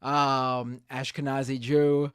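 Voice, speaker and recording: A man's voice: mid-range voice, level tone, takes it slowly, fairly bright tone, clean tone, dry recording. Rambling, hesitant man on a dry mic. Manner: rambling, hesitant, with many fillers. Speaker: co-host. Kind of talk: casual panel chat.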